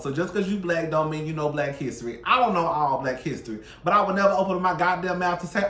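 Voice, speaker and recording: A man hosting a casual gossip commentary channel, sassy and profane, swinging between loud outbursts and soft asides. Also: a little high, animated, a little fast, few pauses, roomy sound. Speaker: YouTube commentary host.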